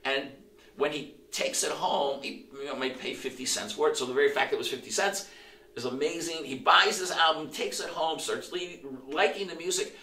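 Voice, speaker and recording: A middle-aged male pastor preaching in a church with a forceful, slightly high voice. He tells stories in an animated way, breaking into quoted lines and restarting his phrases. The sound is roomy and echoing, picked up from some distance. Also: moderate pace. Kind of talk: sermon storytelling. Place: church sanctuary.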